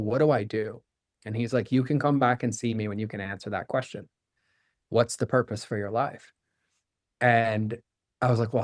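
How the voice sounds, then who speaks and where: Candid man telling his story, low and dry. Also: dry recording. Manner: candid, animated, acts out quoted dialogue. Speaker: podcast guest. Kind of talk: storytelling in conversation.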